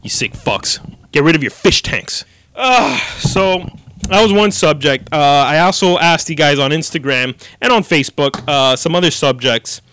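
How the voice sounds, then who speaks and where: A man's voice: a little high, normal speed, sharp tone, clear, resonant tone. A young man, hosting a casual solo podcast and telling stories in a profane, jokey way. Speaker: podcast host.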